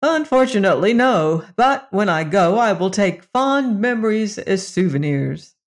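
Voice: mid-range voice, animated, measured pace. A reader doing a flowery, courteous space visitor.

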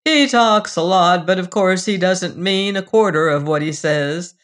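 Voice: medium pitch, a little slow, a bit bright, lightly acted. A reader voicing a burly, suspicious uncle who speaks in a sly, needling way.

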